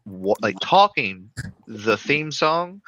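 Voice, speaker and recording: A man's voice: medium pitch, sing-song, slow, bright, forceful tone, lo-fi sound, slight background noise. A man telling a loose, swearing story in casual chat.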